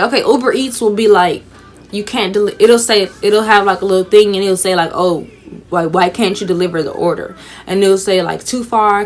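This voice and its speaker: A young woman with features, telling a casual storytime vlog in a chatty, animated way, sounding tired. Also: mid-range voice. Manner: chatty, animated storytelling with frequent fillers and asides. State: tired, sleepy. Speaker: vlogger.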